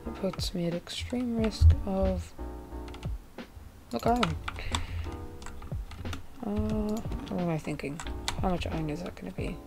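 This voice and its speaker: A woman with a gravelly voice giving chatty, laid-back, self-mocking commentary over her gameplay. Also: medium pitch. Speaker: gaming video creator. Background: background music, keyboard typing.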